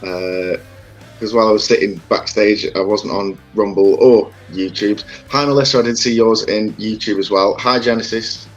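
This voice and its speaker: A man's voice: fairly low pitch, steady tone, moderate pace, dull audio, soft background music. A man co-hosting a casual livestream chat, rambling through stories and greeting viewers.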